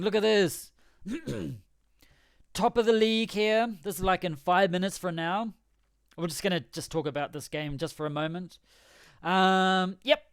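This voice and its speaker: A man's voice: sits high, clean tone, no room sound, clean studio sound. A man chatting casually on a game livestream, rambling, joking and correcting himself as he goes. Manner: rambling, jokey, self-correcting. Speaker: game streamer.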